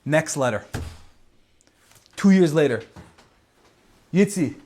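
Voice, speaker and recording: A man's voice: fairly high pitch, fairly quick, darkish tone. A man telling a story in a sermon, earnest and emphatic, repeating words for weight. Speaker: speaker.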